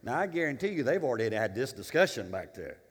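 A male pastor preaching a sermon, animated and emphatic, with humorous asides and storytelling. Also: medium pitch, fast, slightly rough, in a large hall.

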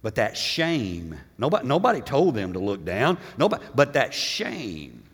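A man preaching a sermon as pastor, impassioned, swinging between loud bursts and hushed passages. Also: medium pitch, huge pitch swings, normal speed, breathy edge. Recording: long hall reverb.

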